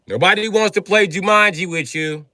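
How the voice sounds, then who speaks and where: A man ranting on a comedic live stream, loud, profane and animated, often breaking into shouts. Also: high voice, normal speed, no echo.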